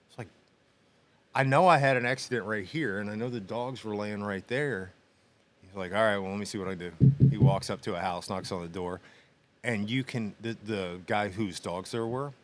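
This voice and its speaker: A middle-aged man co-hosting a podcast, telling a story in a lively, animated way, acting out other people's voices and laughing often. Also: on the low side, normal speed, a little hiss or hum. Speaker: podcast co-host. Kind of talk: casual storytelling chat. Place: small machine shop studio.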